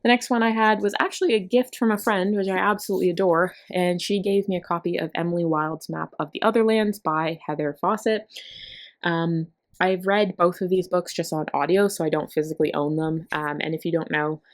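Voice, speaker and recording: Low-pitched woman doing a chatty book haul vlog, gushy and rambly. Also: fairly even intonation, brisk. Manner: chatty, gushing, with fillers and little laughs. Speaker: book vlogger. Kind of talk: casual book haul chat.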